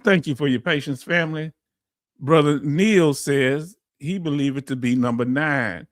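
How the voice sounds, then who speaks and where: Energetic Houston man hosting a livestream. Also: a little high, unhurried, dry recording, studio quality. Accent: Houston, Texas. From Houston, Texas. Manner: energetic, folksy, calls audience "family". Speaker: host. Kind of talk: casual live-stream explainer.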